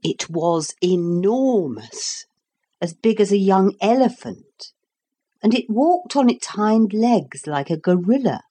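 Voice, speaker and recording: A woman narrating a storybook aloud, unhurried and expressive. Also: mid-range voice, slightly rough.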